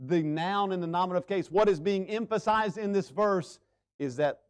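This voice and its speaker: High-voiced preaching pastor, swinging loud to hushed. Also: male voice, moderate pace, smooth. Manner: preaching with sweeping swings between loud urgency and hushed emphasis. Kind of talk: sermon. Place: church sanctuary.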